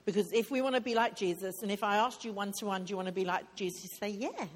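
A woman delivers a sermon at a retreat in a husky, breathy voice. Her pitch sits in an ordinary middle range. She talks like she's sharing over coffee, earnest and direct, and hammers her points home by repeating them. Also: rapid-fire. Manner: earnest, conversational preaching with emphatic repetition. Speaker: speaker at a women's retreat.

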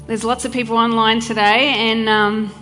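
A woman preacher delivers a heartfelt, fervent sermon with casual asides. Her voice carries a long church-hall reverb. Soft music plays faintly underneath. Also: on the high side, little pitch movement, moderate pace. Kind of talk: live church sermon with prayer. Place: church hall during a live service.

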